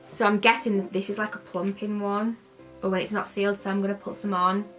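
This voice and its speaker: A woman's voice: medium pitch, flat delivery, brisk, fairly bright tone, soft background music. A young British woman chatting casually while unboxing beauty products, playfully shifting her accent as she talks. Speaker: beauty vlogger.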